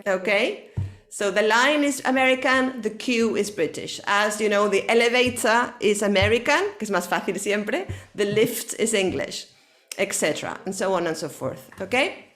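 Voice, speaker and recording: In a one-on-one online English class, a woman whose native language is Spanish speaks at a medium, slightly bright pitch. She takes her explanations slowly, keeps checking with "okay?", and uses quick bits of Spanish to clear things up.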